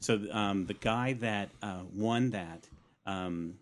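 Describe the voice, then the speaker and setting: A man's voice: on the low side, slow. A man co-hosting a casual podcast, chatty and laughing often, trailing off with fillers. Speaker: podcast co-host. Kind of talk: casual chat.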